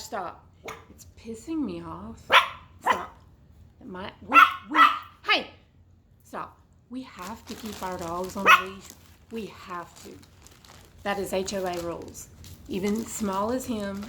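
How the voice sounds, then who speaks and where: A woman with a hoarse, froggy, congested voice, chatting and rambling while she unboxes a bag at home. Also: mid-range voice, heavy background noise. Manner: rambling, chatty, goes off on tangents. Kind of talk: casual unboxing chat. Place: at home indoors.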